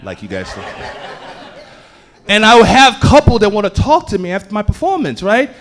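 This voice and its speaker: A man telling a story on a comedy club stage, swinging between loud bursts and low asides. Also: wildly swooping pitch, moderate pace. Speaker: stand-up comedian. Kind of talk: stand-up storytelling.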